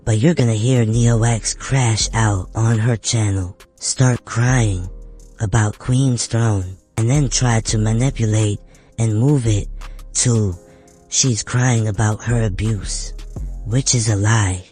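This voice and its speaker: A man hosting a commentary show, calmly introducing clips and explaining them. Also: lowish voice, slow pace, faint music behind. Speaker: commentary host. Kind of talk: commentary narration.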